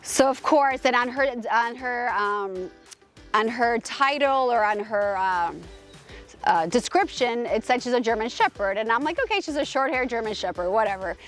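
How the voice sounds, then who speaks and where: A woman's voice: a little high, lively intonation, normal speed, soft background music. Gushing woman telling a rambling story. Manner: rambling, full of restarts and fillers; emphatic, gushing. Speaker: host. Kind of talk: casual personal storytelling.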